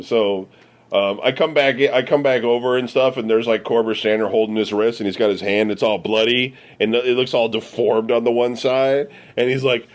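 A man's voice: medium pitch, steady tone, normal speed. A man from the US Midwest telling a rambling, profane story among friends, full of fillers. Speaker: podcast regular.

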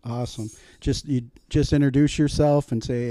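A man hosting a radio show, interviewing a guest in an easygoing, halting way with many fillers. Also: mid-range voice, steady tone, dark tone, no room sound, clean studio sound. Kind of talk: casual interview chat.

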